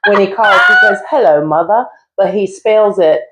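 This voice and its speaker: A woman's voice: mid-range voice, moderate pace, very noisy. Chatty woman co-host. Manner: chatty, animated storyteller. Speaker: podcast co-host. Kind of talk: casual chat.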